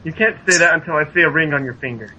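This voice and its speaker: A man's voice: on the high side, rapid-fire, highs cut off, a little hiss or hum. A young man co-hosting a casual podcast, playfully interjecting with sarcastic quips. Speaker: podcast co-host. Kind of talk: casual chat.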